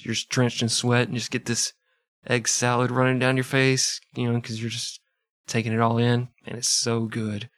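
A man from the American Midwest co-hosting a comedic history podcast, telling the story with deadpan, crude tangents. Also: medium pitch, dry recording.

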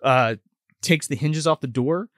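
A man co-hosting a casual podcast, excitedly retelling a movie scene by scene with plenty of swearing. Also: a little high, a little slow, dry recording, studio quality. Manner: profane, excitable, animated retelling. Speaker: podcast co-host. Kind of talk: casual movie recap chat.

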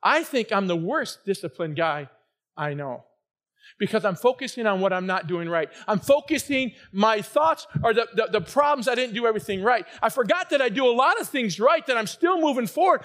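A middle-aged male pastor with a notably high voice preaches a sermon in a church. His delivery is energetic, often climbing into shouted emphasis before settling back down. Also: fairly quick. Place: church sanctuary.

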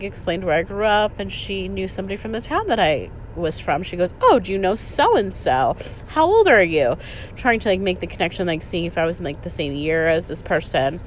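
A woman's voice: on the low side, slight background noise. A woman in her thirties telling a story in casual chat, sarcastic and full of "like", swearing freely. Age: 30s. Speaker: podcast host.

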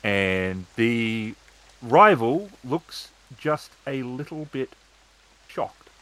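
A man narrating a tabletop game as game master, measured and descriptive with pauses. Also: mid-range voice, lively intonation, pushed and bright, low-quality recording.

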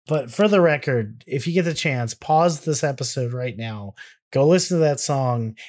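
Young guy rambling on a podcast, mid-pitched voice, casual, swears a bit, jokes about himself. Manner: rambling, self-deprecating, profane. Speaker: podcast co-host. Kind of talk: casual chat.

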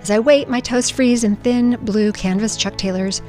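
A woman's voice: on the high side, normal speed, darkish tone, faint music behind. A middle-aged woman reading her own personal story aloud in an earnest, emotional way. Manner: emotional, earnest storytelling with spoken sound effects. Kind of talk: personal memoir narration.

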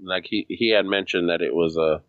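A man co-hosting a casual podcast, talking in a halting way with many restarts and occasional swearing. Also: low voice, dry recording, narrow, tinny audio. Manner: halting, restarts often, swears when flustered. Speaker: podcast co-host. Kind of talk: casual chat.

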